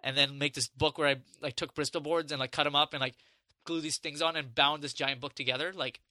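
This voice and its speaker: A young man on a podcast telling a story in casual chat, animated and swearing freely, acting out what people said. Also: fairly high pitch, fairly quick, no room sound.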